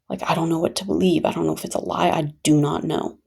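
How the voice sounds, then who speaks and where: Woman venting on her vlog, low husky voice, leans on her points over and over. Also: fairly even intonation, quick pace, hardly any pauses, a little mellow. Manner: emphatic, repeats points for stress. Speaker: vlogger.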